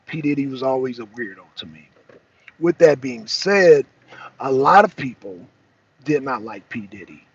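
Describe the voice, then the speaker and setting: A man's voice: medium pitch, expressive, normal speed, slightly rough, no room sound, muffled recording. A man hosting a political talk show, giving casual, emphatic commentary and talking straight to his chat, often repeating himself.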